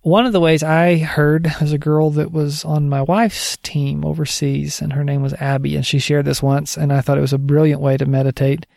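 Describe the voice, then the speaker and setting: A man's voice: on the high side, flat delivery, moderate pace, creaky, hardly any pauses, a little mellow, no room sound, studio quality. A man giving a casual spoken teaching update on discipling others, conversational and digressive, thinking aloud as he goes.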